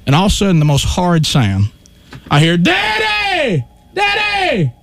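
A man hosting a talk radio show, telling an animated story and acting out his own shouts. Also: a little high, quick pace, very noisy.

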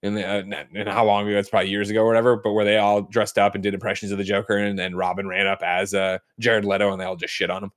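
A podcast host with a fairly low, fairly flat voice talks fast with few pauses, joking and rambling as he chats and reads the news aloud. The talk mixes casual chat with an ad read.

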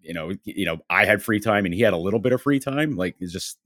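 A man's voice: fairly low pitch, animated, fast talker, fairly bright tone, dry recording, studio quality. A man who writes about sports, telling a long story in casual podcast chat, full of fillers and quoted back-and-forth, with a Western New York accent. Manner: rambling anecdotes, many fillers and acted-out quotes.

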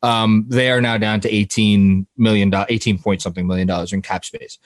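A man's voice: on the low side, fairly even intonation, brisk, no room sound. A man hosting a casual sports podcast, rambling with frequent laughs and restarted sentences. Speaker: podcast host.

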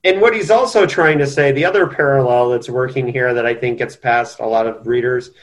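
A man's voice: medium pitch, a little fast. Man musing in casual book chat. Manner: earnest, thinks aloud with restarts. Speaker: podcast co-host.

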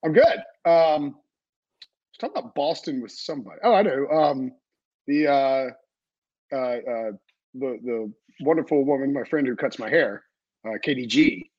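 A man's voice: mid-range voice, a little slow, pauses often, breathy edge, no echo, muffled recording. A man hosting a sports podcast, chatting casually in a rambling way with many fillers and restarts. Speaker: podcast host. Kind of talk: casual chat.

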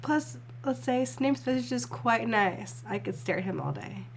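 A woman's voice: a little high, expressive, moderate pace, vocal fry, a little hiss or hum. A woman co-hosting a podcast in casual chat, playful and teasing as she jokes along. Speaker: podcast co-host.

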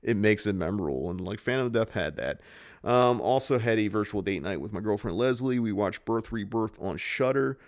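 Male podcast co-host, low voice, loose rambling delivery, heavy casual swearing. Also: lively intonation, a little fast. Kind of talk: casual chat.

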